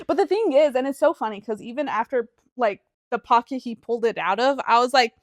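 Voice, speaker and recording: A young podcast co-host with a fairly high voice talks a little fast with few pauses, on a dry recording. In casual chat she tells a story animatedly, voicing everyone's lines, swearing a lot and saying "like" constantly.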